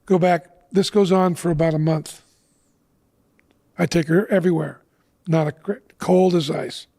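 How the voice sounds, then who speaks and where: A man's voice: on the high side, creaky, darkish tone, breathy edge. A middle-aged man telling a personal story as a guest on an interview show, earnestly acting out the lines of the people in it.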